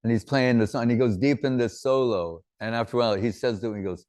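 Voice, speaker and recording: A man's voice: mid-range voice, fast, darkish tone, no echo, studio quality. A man giving an informal religious talk, drifting from teaching into rambling personal anecdotes.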